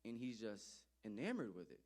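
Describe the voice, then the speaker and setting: A man telling a personal story to an audience in an animated, emphatic way, often repeating phrases for effect. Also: fairly low pitch, brisk.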